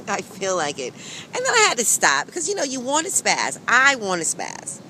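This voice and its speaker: A woman's voice: fairly high pitch, huge pitch swings, moderate pace, sharp tone, low-quality recording. A woman talking frankly and emphatically to her viewers in a weight-loss vlog, recorded outdoors in a city early in the morning. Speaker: vlogger. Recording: outdoor recording with clear traffic noise.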